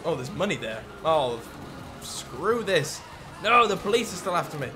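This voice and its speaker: A young man giving casual, excitable commentary while playing a game, talking to the characters and laughing often. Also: a little high, moderate pace, music in the background. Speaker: gaming YouTuber.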